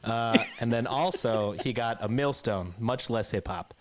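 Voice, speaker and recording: Background noise sits behind this man's mid-range voice as he speaks a little slowly. He's a podcast co-host casually rambling through a grim fairy tale, swearing and giving voice to the characters.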